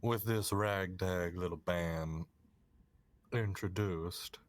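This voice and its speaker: A man's voice: deep voice, unhurried. A man narrating as game master in a tabletop role-playing game, with a laid-back, drawling delivery.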